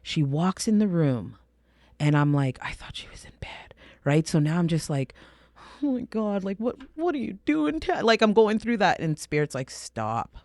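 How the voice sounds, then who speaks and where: A middle-aged woman from Canada, a podcast guest telling her story candidly, emphatic and animated, sometimes dropping to a hush. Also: lowish voice, normal speed, dry recording, studio quality. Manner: emphatic, animated, drops to a hushed voice for intense moments.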